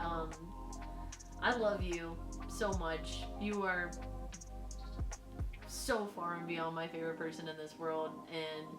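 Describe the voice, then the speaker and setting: A young woman with a slightly low voice speaks earnestly and sincerely to her best friend, swearing casually. Music plays clearly underneath her. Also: echoey room. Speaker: co-host. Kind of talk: heartfelt message to a friend.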